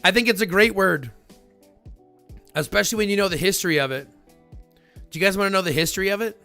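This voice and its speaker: A man hosting a livestream, chatting casually with viewers in a rambling, animated way full of fillers. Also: high voice, quick pace, creaky, faint music behind. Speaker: livestream host.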